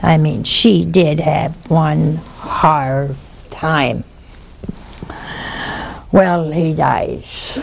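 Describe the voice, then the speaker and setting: A woman's voice: sits low, fairly even intonation, very slow, creaky, long pauses. A woman preaching a televised sermon in a folksy, teasing way, full of rhetorical questions to her viewers.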